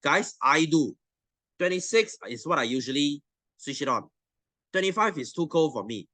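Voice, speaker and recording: A man's voice: on the high side, expressive, moderate pace, sharp tone, no echo. A young adult man with a Malaysian English accent, teaching a science class in a blunt, swearing, teasing rant to his students. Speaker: science tutor.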